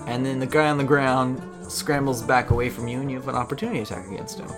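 A man's voice: mid-range voice, fairly even intonation, quick pace. Laid-back male game master, music behind. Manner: chatty, laughs often, easygoing. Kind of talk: narrating a tabletop game.

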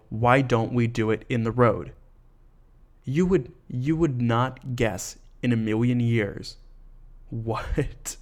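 A man hosting a podcast, chatting casually and laughing as he retells a story with animated asides. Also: medium pitch. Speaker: podcast host.

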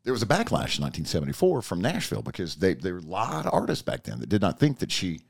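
A man hosting a radio talk show, full of playful banter and rambling stories. His voice is gravelly and fairly low, with a lively, swooping pitch. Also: fast. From American South. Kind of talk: casual radio chat.

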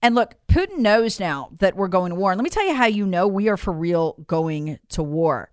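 A political commentator from the United States voices emphatic, incredulous opinions, often through rhetorical questions. Her medium-pitched voice is expressive, a little mellow and clean at a moderate pace, captured in a dry studio-quality recording.

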